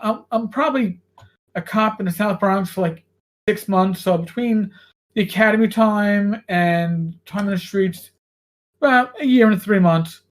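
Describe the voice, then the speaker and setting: A man, a former police officer, guesting on a podcast and telling stories with lots of casual swearing. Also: high voice. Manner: profane, animated storyteller. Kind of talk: casual chat, storytelling.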